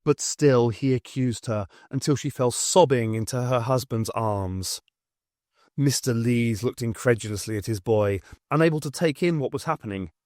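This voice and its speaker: A man narrates an unofficial audiobook, telling the story expressively from a script. His voice is mid-range and his speed normal, captured in a dry, studio-quality recording.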